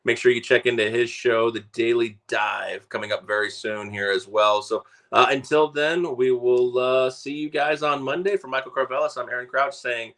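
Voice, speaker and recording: A man's voice: mid-range voice, moderate pace, few pauses. A man co-hosting a sports talk show, chatting casually and rambling with plenty of fillers. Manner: relaxed, rambling, frequent "uh" and "so". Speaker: radio show co-host.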